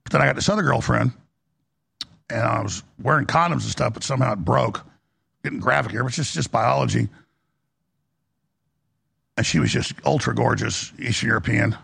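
Gravelly, husky man preaching hard. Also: brisk, long pauses, fairly bright tone. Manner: intense and preachy, voice swinging high and low. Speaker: radio talk show host. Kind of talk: impassioned monologue.

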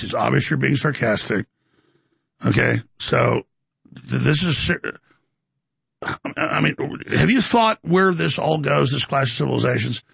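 A male talk-radio host with a heavily gravelly, husky voice that swings widely in pitch. He sounds forceful and exasperated. The sound is dry and close to the mic. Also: no echo. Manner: forceful, exasperated, and prone to dramatic recitation.

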